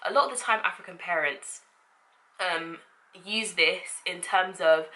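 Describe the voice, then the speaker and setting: A young woman, chatting casually to camera as a vlogger, sassy and expressive with quick asides. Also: on the low side, a little hiss or hum.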